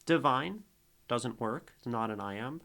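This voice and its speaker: Slow, musing male poetry streamer. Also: medium pitch, expressive. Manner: musing, thinks aloud with restarts. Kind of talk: live-stream poetry critique.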